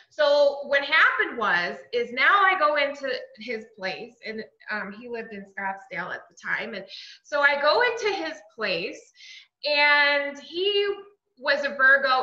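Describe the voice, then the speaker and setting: Woman, high bright voice, animated storytelling, echoey lo-fi room. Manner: animated storytelling with quoted dialogue and frequent "like". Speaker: speaker sharing her recovery story. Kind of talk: recovery meeting share. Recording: echoey room, dull lo-fi sound.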